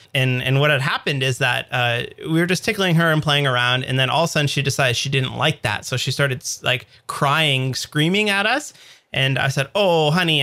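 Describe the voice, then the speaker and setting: A man's voice: mid-range voice, bright, forceful tone. A man in his thirties co-hosting a podcast, telling a long story in casual chat with lots of fillers and restarts. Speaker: podcast co-host.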